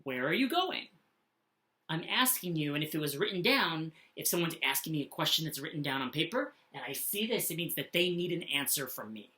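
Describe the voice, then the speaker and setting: A woman teaching punctuation to young children in a slow, sing-song voice, often checking in with "okay?". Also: deep voice, lively intonation, sharp tone. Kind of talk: classroom lesson for children.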